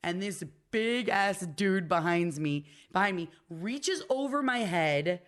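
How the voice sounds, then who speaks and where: Taking her time in a lowish voice, a woman in her thirties co-hosts a podcast and tells stories in an easygoing chat. She's animated, acts out the voices of people she quotes, and laughs often.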